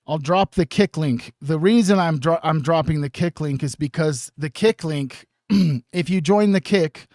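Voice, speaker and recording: A man hosting a casual livestream, rambling with many restarts, swearing and often clearing his throat. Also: fairly high pitch, measured pace, a little mellow, no echo, clean studio sound. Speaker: livestream host. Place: home streaming setup.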